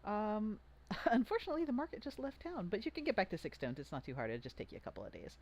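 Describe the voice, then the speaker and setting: This game master talks through rules with a pitch that bounces around a lot, full of jokes and little restarts. The mood is a casual tabletop session among friends. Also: very animated, quick pace, darkish tone, slight background noise. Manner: chatty, joking, full of fillers and restarts.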